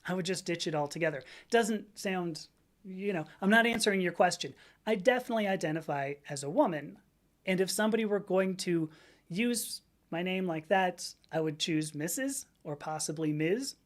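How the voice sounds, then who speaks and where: A middle-aged American woman with a fairly low voice chats on a livestream. She reads out viewer comments and answers them in loose, rambling asides, and she often stops to correct herself mid-sentence. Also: animated, moderate pace. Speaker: livestream host reading chat. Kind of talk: casual livestream chat.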